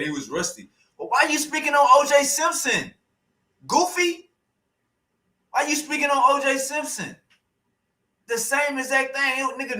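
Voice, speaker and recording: A man hosting a livestream, reacting to a debate clip in loud, profane, mocking commentary that keeps repeating phrases. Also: sits high, reverberant, low-quality recording. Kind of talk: casual live reaction commentary.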